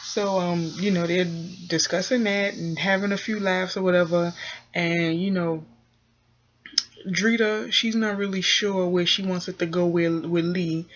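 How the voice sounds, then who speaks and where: A TV recap vlogger gives a chatty, casual review of a reality TV episode, acting out quotes and leaning on "you know" and "um." Her voice sits lowish with a steady tone and measured pace, and the highs are cut off.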